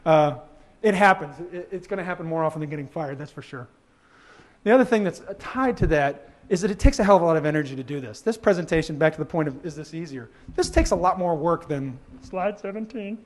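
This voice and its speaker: A man giving a conference presentation, animated and joking, acting out quoted voices and laughing at his own lines. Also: a little high, quick pace. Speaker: conference speaker. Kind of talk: presentation talk.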